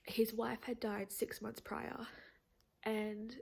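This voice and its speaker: Young woman vlogger, teary, rambling and laughing, slow, gravelly voice. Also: fairly high pitch, flat delivery. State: teary, on the verge of crying. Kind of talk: casual chatty vlog.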